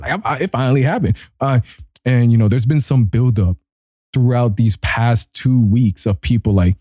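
A male podcast host at his desk mic tells a story in loose, slangy talk. His voice is mellow and dark, with a dry, close sound. He laughs often and leaps up high when he acts out his own excitement. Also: moderate pace, dry recording. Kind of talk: casual solo podcast storytelling. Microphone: desk mic he bumps.

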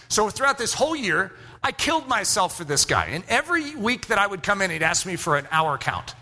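A man telling a personal story in a sermon, animated and acting out both sides of remembered conversations. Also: high voice, fast, few pauses.

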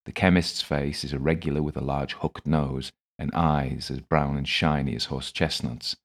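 A male narrator reads a first-person story in a calm, dry, wry manner. His voice sits at the very bottom of the male range. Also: extremely low pitch. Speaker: audiobook narrator.

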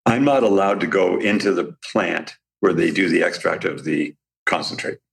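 A man's voice: sits low, moderate pace, creaky. A man as the guest in a casual interview, talking enthusiastically and telling stories, with frequent restarts and small laughs. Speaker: guest, company founder.

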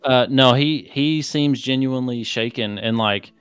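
A man's voice: mid-range voice, measured pace, clean tone, no room sound, soft background music. A man narrating as game master in a tabletop game, rambling with lots of fillers.

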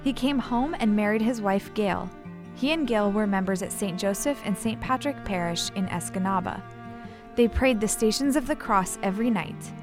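A woman reading scripted documentary narration in an even, measured way. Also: medium pitch, over music.

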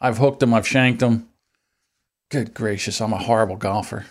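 A man co-hosting a podcast in crude casual banter, animated and breaking into loud chants and mock shouts. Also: fairly low pitch, moderate pace. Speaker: podcast co-host.

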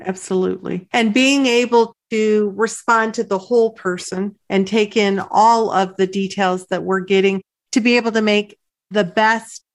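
A woman's voice: medium pitch, steady tone, normal speed. A woman hosting a casual interview, affirming and encouraging her guest. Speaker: podcast host.

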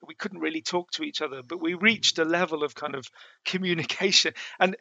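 A middle-aged man tells his story in a gravelly, slightly raised voice with a bright edge. He speaks haltingly, restarting phrases often. The sound is close and dry, with no room around it. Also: on the high side, no room sound, lo-fi sound. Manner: halting, with many restarts and fillers. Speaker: mountaineer telling his story. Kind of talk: casual spoken storytelling.

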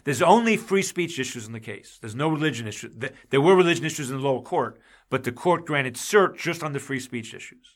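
A man's voice: mid-range voice, animated, fairly quick. A man hosting a podcast in casual talk, emphatic and getting heated, with frequent restarts. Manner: emphatic, gets heated and raises his voice. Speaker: podcast host. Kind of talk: casual chat about law.

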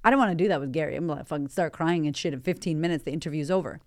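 A woman's voice: deep voice, racing, a little mellow. A woman hosting a motivational podcast, talking with candid energy and swearing freely. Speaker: podcast host and life coach.

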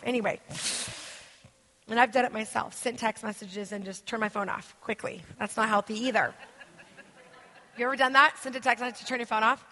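A woman giving an interactive teaching sermon as a guest speaker, animated, asking the audience questions and acting out quoted voices. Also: high-pitched. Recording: echoey hall.

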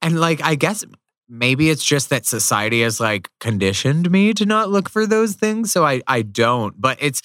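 A man's voice: fairly high pitch, animated, fairly bright tone, no echo, studio quality. A man, a filmmaker who is a podcast guest, talking in a casual chat with lots of fillers and restarts. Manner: halting, full of fillers and restarts.

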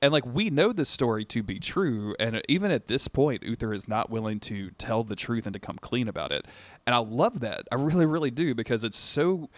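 A man co-hosting a podcast, recapping a TV episode in casual chat, animated and acting out characters' lines with casual swearing. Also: mid-range voice, brisk, no room sound. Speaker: podcast co-host.

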